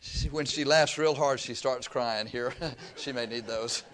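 An older man with a drawl preaches in an easygoing, anecdotal way. His voice sits mid-pitch but rings bright and forward. He tells humorous stories to a listening congregation. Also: a little slow. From Texas. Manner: folksy storytelling with laughter. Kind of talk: sermon.

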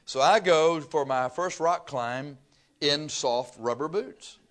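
A man's voice: a little high, slow pace, fairly bright tone. An older man from Texas, preaching a sermon through folksy, humorous stories. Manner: folksy storytelling with laughter.

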